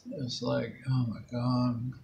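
A man's voice: medium pitch, completely flat delivery, takes it slowly, vocal fry, warm tone, a little hiss or hum. Rambling folksy Southern American man. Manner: rambling, folksy, acts out quotes. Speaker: storyteller vlogger. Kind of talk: casual storytelling.

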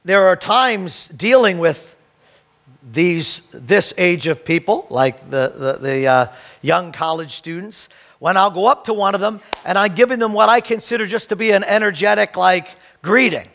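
A middle-aged man preaching as pastor, telling stories in a lively way and acting out greetings, then leading a reverent prayer. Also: high-pitched, moderate pace, creaky. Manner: animated storytelling, acts out greetings. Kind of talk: sermon.

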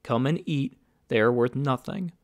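A man's voice: mid-range voice, normal speed, no room sound, natural voice. A man reading an audiobook voices a clean-cut young man who speaks in a wearied, dismissive voice.

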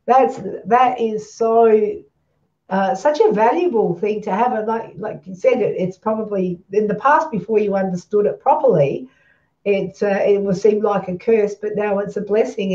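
A woman hosting a casual live-stream interview, chatty and croaky, trying not to cough, greeting viewers as she goes. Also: mid-range voice, moderate pace, mellow. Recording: muffled, distant live-stream audio.

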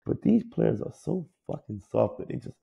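A man's voice: medium pitch, normal speed, gravelly, slightly rough, highs cut off. A man who played pro ball, co-hosting a sports podcast, talking casually with a lot of swearing. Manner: profane, animated, mocks players in put-on whiny voices. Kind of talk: casual sports opinion talk.

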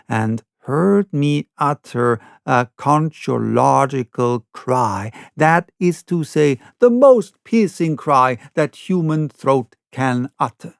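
A man narrating an unabridged classic novel in a slow, measured reading. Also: a little high, creaky, no echo, clean studio sound. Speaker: audiobook narrator.

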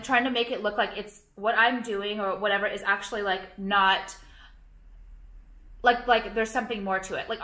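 Brief: young woman vlogger, bright and sharp voice, rambling profane rants, echoey room. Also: fairly high pitch. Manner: rambling, profane, irritated, lots of "like". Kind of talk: casual ranting vlog.

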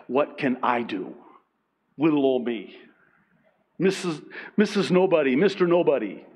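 A man preaching a sermon as pastor, emphatic and swinging between loud and hushed. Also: medium pitch.

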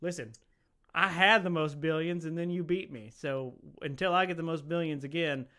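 A man's voice: fairly high pitch, fairly even intonation, moderate pace, sharp tone. A man playing a blustering, self-serving billionaire businessman, in an online improv comedy show. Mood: bitter. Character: boastful, shifty billionaire businessman. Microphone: computer mic on a video call.

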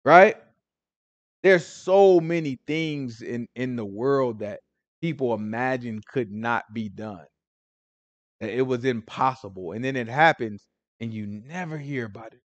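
A man teaching a Bible study in loose, slangy conversational talk, animated and often checking in with his listeners. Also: medium pitch, unhurried, dry recording, highs cut off. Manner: animated, slangy, keeps asking listeners "right?".

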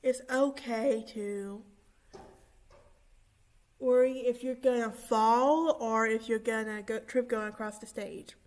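A young woman in her twenties talking casually and excitedly to her viewers, with many fillers, recording in a church room. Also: on the high side, takes it slowly. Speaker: vlogger. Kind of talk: casual vlog chat.

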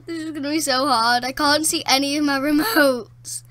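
A woman with a voice that sits high talks slowly through casual gameplay commentary at home in a dark room. She's excitable, frequently gasping, laughing and exclaiming.

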